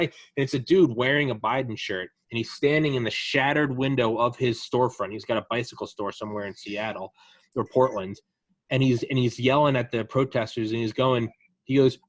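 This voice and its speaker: A man talking politics on a podcast in a lively, profane way, often slipping into other people's voices to act them out. His voice sits in a middle register. The recording is dry and close, with no room sound. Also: medium pitch, no room sound. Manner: animated, profane, acts out quoted people. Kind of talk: casual political chat.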